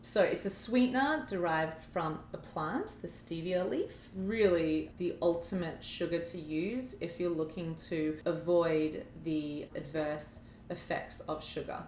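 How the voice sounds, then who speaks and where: A woman's voice: fairly low pitch, measured pace, few pauses, darkish tone. A woman co-hosting a casual chat, talking animatedly and acting out quoted dialogue. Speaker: co-host. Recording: echoey room, faint background noise.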